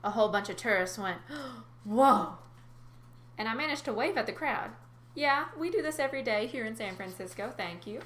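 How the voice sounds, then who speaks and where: Woman narrating a story, bright voice, chatty asides, roomy recording. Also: fairly high pitch, fast talker, a little hiss or hum. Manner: lively, chatty asides to listeners. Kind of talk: first-person story reading with casual asides.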